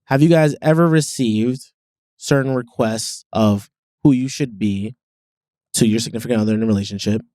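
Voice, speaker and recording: Mellow-voiced man telling a story. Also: mid-range voice, moderate pace, no room sound, studio quality. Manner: storytelling, asks the group questions. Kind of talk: casual chat.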